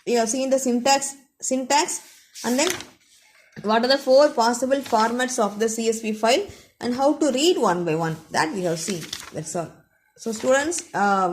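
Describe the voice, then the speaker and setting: A woman's voice: sits high, a little hiss or hum. A woman teaching a recorded computer science lesson, explaining step by step and often repeating phrases.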